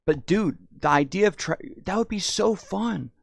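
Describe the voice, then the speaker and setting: A man's voice: high voice, lively intonation, normal speed, vocal fry, no room sound, clean studio sound. A young man streaming in VR, chatting casually and rambling, swearing a lot and saying "dude". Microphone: headset in VR.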